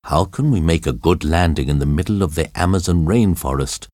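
Low stern pilot guy giving orders, read by a man, dry close sound. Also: fairly quick, a little mellow, no echo, close to an everyday voice. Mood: firm. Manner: firm, commanding. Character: calm stern male airline captain.

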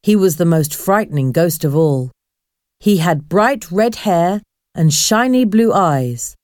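A woman narrating a storybook in a clear, expressive reading voice. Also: lowish voice, a little slow, no room sound, studio quality.

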